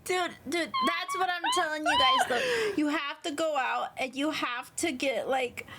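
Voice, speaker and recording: A woman streamer in casual chat, rambling and slangy, with bursts of loud laughter. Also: high-pitched, big pitch swings, unhurried, very noisy.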